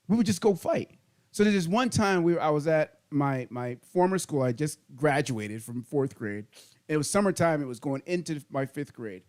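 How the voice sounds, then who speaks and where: A middle-aged man, the podcast host, telling childhood stories in casual, animated chat. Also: high-pitched. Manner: animated storyteller, laughing through funny stories.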